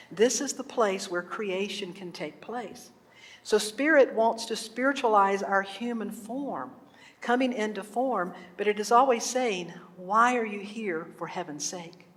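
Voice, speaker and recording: A woman minister giving an earnest sermon in a church, telling stories and asking the congregation questions. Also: mid-range voice. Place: church sanctuary. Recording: echoey hall.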